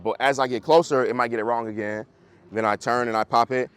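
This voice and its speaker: A man's voice: medium pitch, fairly even intonation, brisk, a bit bright, clean tone, no echo. A man, a dog trainer, coaching a group class in a casual, conversational way over a video call, often checking that listeners follow.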